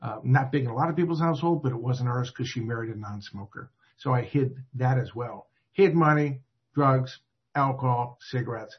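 A man's voice: medium pitch, normal speed. A man telling his own recovery story in a rambling, self-deprecating way, acting out what others said. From Atlanta area. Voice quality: husky. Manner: self-deprecating, rambling, restarts and acted quotes. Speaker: recovery speaker. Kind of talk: personal recovery story told to a group. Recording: dull lo-fi recording.

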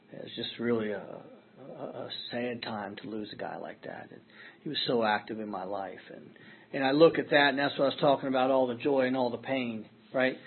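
Through tinny, phone-like audio comes a middle-aged man telling his own story at a recovery meeting. His mid-range voice is slightly rough, and his manner is earnest and self-deprecating.

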